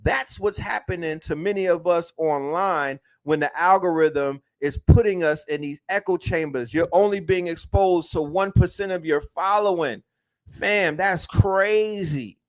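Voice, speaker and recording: A man's voice: high-pitched, unhurried. A man hosting an online talk, speaking emphatically with slang and lots of repetition. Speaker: host. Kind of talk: animated lecture-style talk.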